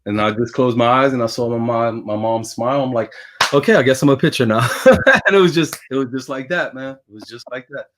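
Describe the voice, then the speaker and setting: A man's voice: medium pitch, a little fast, background noise. A man, a former ballplayer telling stories in a casual interview and acting out the voices he quotes. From Brooklyn, New York. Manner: animated storyteller who acts out quoted voices. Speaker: guest, former baseball pitcher.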